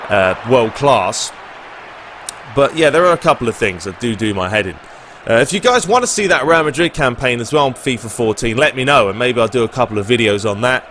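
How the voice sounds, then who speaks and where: A man's voice: mid-range voice, fairly bright tone, slight background noise. A young man with a London English accent answers viewer questions in a casual, laid-back chat over gameplay, with plenty of filler words. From England.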